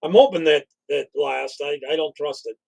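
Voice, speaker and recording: A man's voice: fairly high pitch, normal speed, creaky, a little mellow, husky. A man giving casual, offhand commentary as co-host, thinking aloud.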